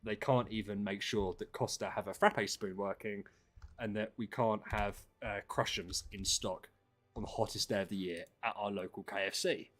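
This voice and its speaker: A man chats casually with viewers on a stream, ranting and cursing as he slips into mutters and then bursts out loudly. His voice sits somewhat low.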